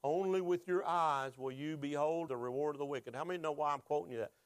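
A man's voice: fairly high pitch, fast, no room sound. A pastor preaching a sermon, asking the congregation questions and rising with emotion as he is moved.

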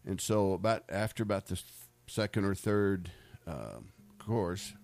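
Unhurried and expressive, this middle-aged American man's low, creaky, slightly mellow voice carries his casual faith testimony. He rambles, repeats words, and laughs often. There's no echo on the recording.

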